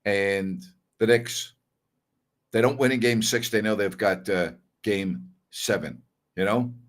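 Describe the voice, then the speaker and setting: A man's voice: on the low side, normal speed. Blunt, opinionated male sports talk host. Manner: blunt and opinionated, repeats his points for emphasis; conversational, with fillers and self-corrections. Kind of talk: casual opinionated sports commentary.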